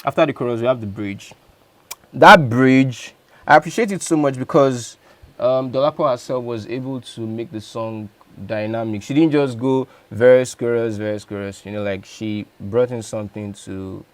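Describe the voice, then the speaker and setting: A man with a medium-pitched voice speaks at a moderate pace, with no room sound. He's a music producer giving a casual, chatty walkthrough of how he built a beat, loosely correcting himself as he talks.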